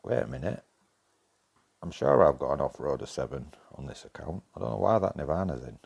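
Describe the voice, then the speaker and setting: A man's voice: extremely low pitch, very animated, brisk, gravelly, a little mellow, husky. A man with a broad Yorkshire accent chatting casually with viewers while streaming a game, swearing freely and bantering. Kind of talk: casual live-stream chat.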